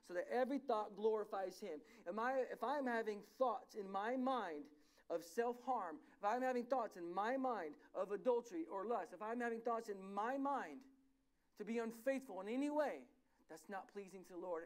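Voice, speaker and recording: A pastor preaching a sermon in a church, telling stories animatedly and often correcting himself mid-sentence. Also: male voice, high voice. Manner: animated, self-correcting storyteller.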